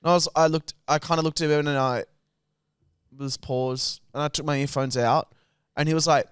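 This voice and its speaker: A man's voice: on the high side, fairly even intonation, moderate pace, smooth, no room sound, studio quality. A young Australian man co-hosting a podcast, telling a rambling, sweary anecdote in casual chat. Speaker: podcast co-host.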